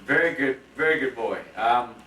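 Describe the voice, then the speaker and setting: A man with a mid-range voice and a moderate pace tells a rambling, laughter-filled story at a birthday roast, full of fillers and restarts. It's home video footage from a party room with guests, echoey and distant, with crowd noise behind him.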